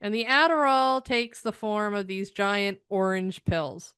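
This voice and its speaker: A woman's voice: medium pitch, a little slow, fairly bright tone, clear, resonant tone, no room sound, clean studio sound. Sarcastic, exasperated woman ranting. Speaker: TV reviewer. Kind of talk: ranting episode review.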